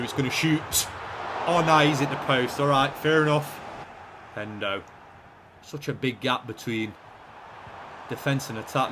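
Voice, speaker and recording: A man giving lively play-by-play commentary on his own video game, swinging from quiet muttering to shouting at the big moments. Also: mid-range voice, background noise. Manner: excitable, shouts at goals, banter. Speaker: gaming YouTuber.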